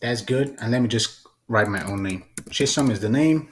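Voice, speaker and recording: A man hosting a casual, chatty software tutorial. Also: on the low side, normal speed. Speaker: tutorial host.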